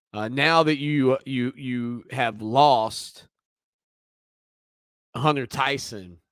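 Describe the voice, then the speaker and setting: Male sports talk host, mid pitch, dry close studio sound, chatty and opinionated. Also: fairly bright tone, dry recording. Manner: conversational, opinionated, teasing asides. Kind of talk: sports talk radio monologue.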